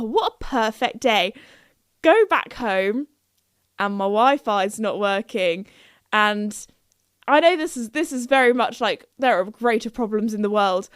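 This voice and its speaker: Young woman, podcast host, casual chatty monologue, bubbly and giggly, fairly high voice, dry close mic. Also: smooth, dry recording. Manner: bubbly, giggly, squeals when excited.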